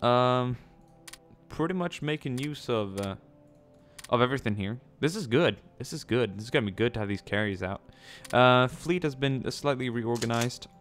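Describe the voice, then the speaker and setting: A man's voice: medium pitch, expressive, normal speed, fairly bright tone, soft background music. Chatty man narrating gameplay. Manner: chatty, many ums, jokey asides. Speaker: let's play gamer. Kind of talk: casual gameplay commentary.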